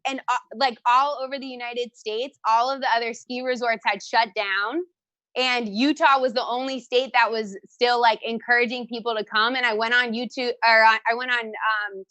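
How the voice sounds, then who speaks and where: A young woman performs stand-up over a video stream, loud and giggly as she confides in her audience. Her voice sits high, and the sound is dry and close, with no room echo. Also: fairly even intonation, moderate pace. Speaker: stand-up comedian. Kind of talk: online stand-up set. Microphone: handheld mic held to a phone.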